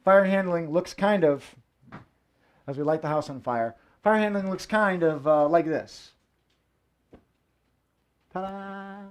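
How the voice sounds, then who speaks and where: Indoors in a room at home, a man performs fire tricks for a live stream, joking and hyping up his audience like a playful showman. His voice is a little high, expressive, and a little slow, suited to the show banter.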